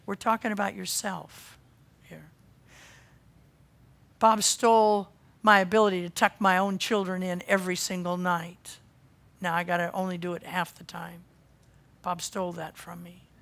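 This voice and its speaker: A woman pastor preaching a sermon, swinging from loud emphasis to quiet intensity. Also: fairly low pitch, gravelly.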